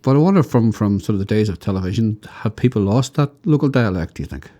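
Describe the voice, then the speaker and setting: A man with a Northern Irish accent chatting on local radio and telling lively anecdotes. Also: fairly low pitch, fast, lo-fi sound. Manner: anecdotal storyteller, animated. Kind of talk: casual chat.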